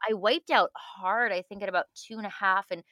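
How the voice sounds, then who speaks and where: A woman's voice: mid-range voice, fairly even intonation, a little fast, pushed and bright, dry recording, clean studio sound. A woman from Canada, talking casually as a guest, chatty and laughing, with frequent restarts. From Manitoba, Canada. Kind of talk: casual conversation.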